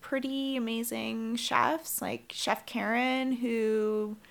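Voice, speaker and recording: A woman's voice: a little high, flat delivery, slow pace, creaky. A woman, a former chef, chatting casually and laughing easily. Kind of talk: casual chat.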